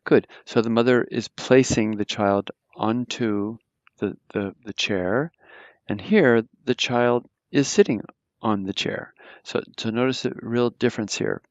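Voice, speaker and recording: A man's voice: mid-range voice, unhurried, dry recording, highs cut off. A man teaching a German grammar lesson, explaining patiently with lots of fillers and restarts. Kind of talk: live online grammar lesson.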